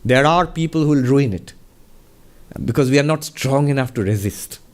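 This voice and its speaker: A man's voice: mid-range voice, normal speed. A man, a monk answering audience questions, gives a spiritual talk and tells stories animatedly, often laughing.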